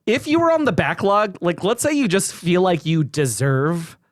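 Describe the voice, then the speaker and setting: A man co-hosting a podcast in playful casual chat. He jokes around and sometimes drops into a low mock-seductive voice for shout-outs. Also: lively intonation, normal speed, no room sound, clean studio sound. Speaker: podcast co-host.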